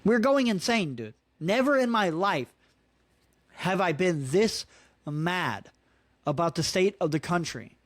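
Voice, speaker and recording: A man's voice: a little high, expressive, slow, long pauses, a bit bright, no echo. Profane ranting man in his thirties. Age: 30s. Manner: profane, frustrated ranting with frequent "dude" and "man". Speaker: podcast host. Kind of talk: casual solo podcast rant.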